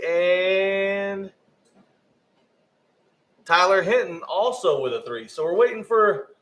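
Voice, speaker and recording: A man's voice: high voice, fairly bright tone, poor audio. A man giving live race commentary, often stumbling over rider names and correcting himself.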